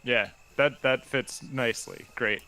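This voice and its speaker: A man's voice: medium pitch, fairly even intonation, unhurried, sharp tone, low-quality recording. A man as a player in a tabletop game, chatting casually and eagerly.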